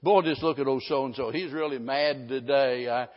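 A man's voice: medium pitch, fairly even intonation, normal speed. A middle-aged male pastor preaching a sermon in a folksy, rambling way, often restarting his sentences. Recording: dull lo-fi sound with a long hall reverb.

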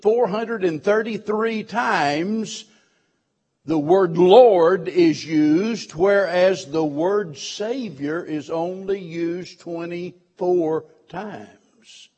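A man preaching a sermon as pastor, slow and deliberate, drawing out words for emphasis. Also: high voice, darkish tone, husky.

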